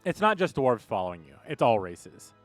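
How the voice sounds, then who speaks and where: A man's voice: medium pitch, sing-song, moderate pace, soft background music. A man narrating and refereeing as game master in a tabletop role-playing session.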